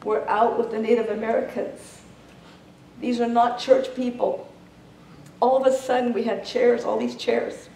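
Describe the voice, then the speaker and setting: A woman preaching a sermon in a fervent manner, her storytelling rising into shouted prayer. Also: on the high side, flat delivery, measured pace, creaky, a little hiss or hum. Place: church sanctuary. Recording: roomy church sound from a distance.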